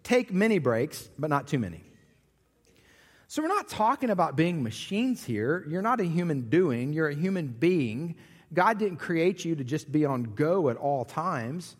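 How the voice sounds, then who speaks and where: A man in his thirties preaching a sermon as pastor, with animated storytelling and jokey asides. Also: a little high, unhurried, in a large hall.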